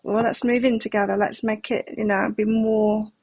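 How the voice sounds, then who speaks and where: A woman's voice: mid-range voice, little pitch movement, moderate pace, a little mellow, husky, no room sound, muffled recording. A middle-aged woman giving a live tarot reading, talking candidly and reflectively and sharing personal stories. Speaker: tarot reader.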